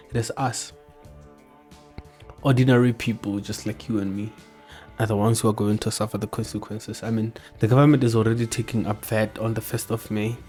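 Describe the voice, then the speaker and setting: A man's voice: fairly low pitch, a little mellow. A man hosting, giving casual blunt commentary and arguing back at clips. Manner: blunt, argumentative, keeps saying bro. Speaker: host.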